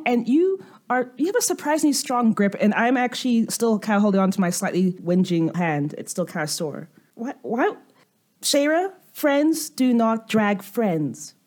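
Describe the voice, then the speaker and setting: A woman's voice: mid-range voice, a little mellow, lightly acted. A woman voicing a fussy young woman adventurer who stammers and scolds primly.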